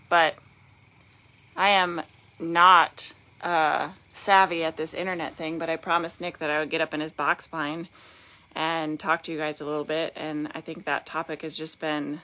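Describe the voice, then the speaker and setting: Low-voiced Southern woman, rambling candidly. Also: level tone, normal speed, pushed and bright. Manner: candid, rambling, self-deprecating. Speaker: painting business owner guest host. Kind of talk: casual livestream talk. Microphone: phone.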